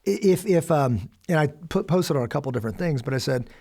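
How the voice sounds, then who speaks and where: A middle-aged American man telling a story as a guest, animated and acting out quoted lines with sudden loud bursts. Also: a little high, fairly quick. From United States. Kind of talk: storytelling in a conversation.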